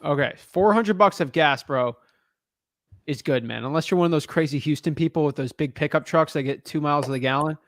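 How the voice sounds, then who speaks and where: A man's voice: on the high side, brisk, no room sound. A man coaching a newcomer on a call, blunt and frank, calling him man and dude. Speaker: real estate wholesaling coach.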